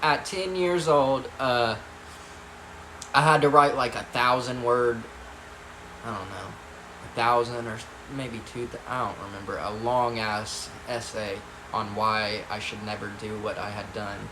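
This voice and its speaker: A man's voice: medium pitch, fairly even intonation, measured pace, background noise. Profane young man storyteller. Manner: casual, profane, rambling with asides. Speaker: vlogger. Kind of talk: storytime vlog. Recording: echoey room, faint ambience.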